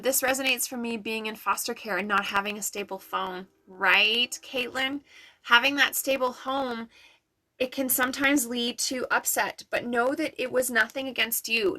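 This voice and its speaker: A woman doing intuitive readings for viewers on a live stream, in an affirming, chatty way with soft laughs. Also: fairly high pitch. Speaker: intuitive reader.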